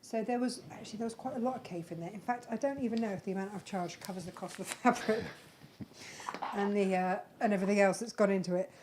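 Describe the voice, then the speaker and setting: A chatty woman hosts a casual live craft stream, rambling warmly about her handmade pieces. Her voice sits at an ordinary middle pitch. A faint hiss of background noise sits under her voice. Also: fast talker. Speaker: craft channel host.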